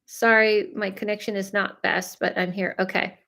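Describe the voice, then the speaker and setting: A woman, giving a relaxed live psychic reading. She talks in a loose, chatty way, full of "like" and "you know", and addresses the people she reads for directly. Her voice sits in an ordinary middle range for a woman. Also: mid-range voice, moderate pace, creaky. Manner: chatty, many fillers, talks straight to viewers. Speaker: psychic medium. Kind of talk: live reading, casual chat.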